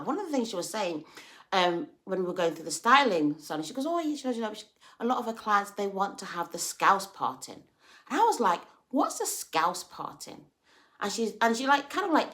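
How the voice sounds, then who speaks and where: A woman talking casually in a livestream about faith, chatty and animated, acting out little quoted exchanges. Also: medium pitch. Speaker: vlogger sharing faith reflections.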